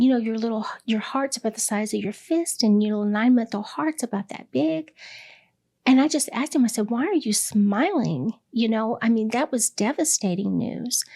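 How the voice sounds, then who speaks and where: Gravelly middle-aged woman telling her story. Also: a little high, mellow. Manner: candid and reflective, with many pauses and fillers. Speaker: hospice director, interview guest. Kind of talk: personal storytelling in an interview.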